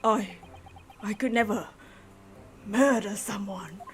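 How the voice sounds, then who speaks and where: A woman's voice: mid-range voice, slow pace, a little hiss or hum, lightly acted. Woman voicing a timid, stammering young defendant. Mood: flustered. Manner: hesitant, stammering. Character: timid young male student on trial, apologetic.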